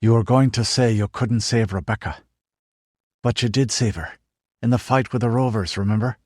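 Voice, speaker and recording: A man voicing a badly wounded young male leader who speaks quietly, wearily and firmly. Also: mid-range voice, fairly even intonation, normal speed, no echo, studio quality, lightly acted. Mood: weary, firm. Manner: quiet, weary, firm.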